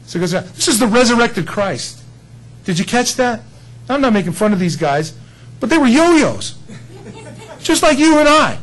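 A man preaching a sermon in a folksy, animated way, building up to emphatic peaks. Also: very high-pitched, normal speed, pauses often, low-quality recording. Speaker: pastor.

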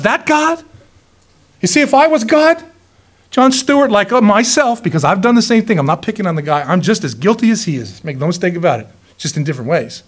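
Animated high-pitched male preacher. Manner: animated, sarcastic, rhetorical questions, swings from loud to hushed. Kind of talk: sermon.

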